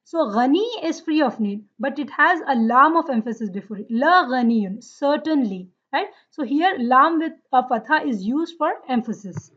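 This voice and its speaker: High-pitched woman teacher explaining arabic grammar step by step, kinda dull lo-fi sound. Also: animated, normal speed, few pauses, fairly bright tone. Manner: explains step by step, asks questions. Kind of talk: online grammar lesson.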